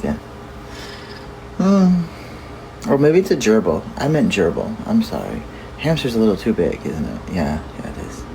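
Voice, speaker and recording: A man's voice: on the low side, noisy background. A man talking in a rambling, joking way, often correcting himself mid-thought. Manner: joking, meandering, self-correcting. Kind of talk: rambling casual monologue.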